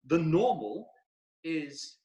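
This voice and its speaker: A British man, a podcast guest, telling stories in a lively, animated way with frequent restarts. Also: fairly high pitch, very slow, rough recording. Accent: British, shifting between regions. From England. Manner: animated storyteller, many restarts. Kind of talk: casual conversation.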